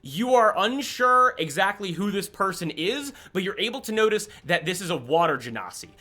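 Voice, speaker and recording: A man narrating as game master of a tabletop game, rambling and animated. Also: sits high, moderate pace.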